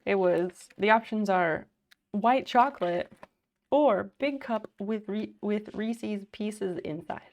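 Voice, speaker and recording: A woman's voice: medium pitch, slow, dull audio. A woman livestreamer chatting casually at home, thanking viewers by name while sewing.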